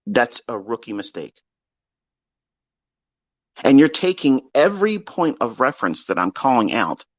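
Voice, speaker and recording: A man's voice: mid-range voice, big pitch swings, a little slow, dry recording. A man giving a profane, exasperated lecture on trading to his livestream viewers. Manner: mocks listeners in put-on quotes. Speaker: trading educator.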